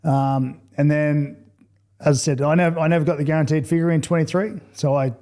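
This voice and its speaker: Australian man, forties, fairly high voice, mellow tone, blunt storyteller, acts out old conversations. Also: fairly even intonation, brisk. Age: 40s. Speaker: guest, former rugby league player turned boxer. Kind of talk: casual podcast storytelling.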